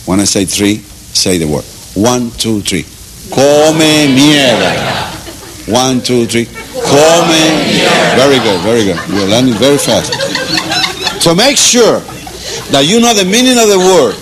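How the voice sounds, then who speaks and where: A man from Cuba with a Cuban accent gives a playful, mock Spanish lesson, chuckling and drilling slow repetitions. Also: medium pitch, very animated. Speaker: teacher. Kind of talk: comic mock language lesson. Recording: loud background noise.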